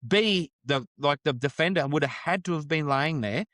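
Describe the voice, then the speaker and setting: A man's voice: a little high, lively intonation, normal speed, fairly bright tone, dry recording. An Australian man co-hosting a sports podcast, ranting and swearing about a rugby league game in casual chat. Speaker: podcast co-host. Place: studio.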